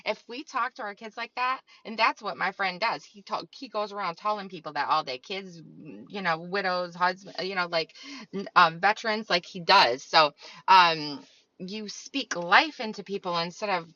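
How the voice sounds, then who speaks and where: A woman's voice: mid-range voice, moderate pace, pushed and bright, dry recording, lo-fi sound. A woman host in a casual spiritual monologue, talking in a rambling, meandering way full of fillers. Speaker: channel host.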